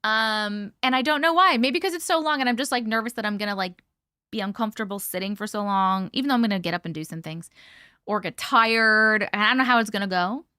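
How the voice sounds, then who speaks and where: A woman's voice: mid-range voice, fast talker, bright, forceful tone, clear, resonant tone, no echo, studio quality. A young woman hosting a casual livestream, greeting viewers by name and chatting, short on sleep. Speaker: livestream host. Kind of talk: casual live-stream chat.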